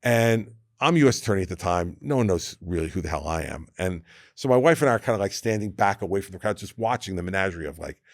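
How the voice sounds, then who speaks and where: New man in his sixties, podcast guest, a lively raconteur who does the voices, lowish pitch, dry close sound. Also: quick pace, no room sound. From New Jersey, USA. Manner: animated anecdote teller who acts out quoted people, with frequent restarts. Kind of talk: casual storytelling in conversation.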